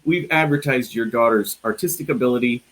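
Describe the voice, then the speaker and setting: A man's voice: mid-range voice, a little fast, a bit bright, rough recording. Joking Midwestern man hosting a live chat. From American Midwest. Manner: chatty and joking, restarts phrases. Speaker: interview host. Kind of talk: casual live interview.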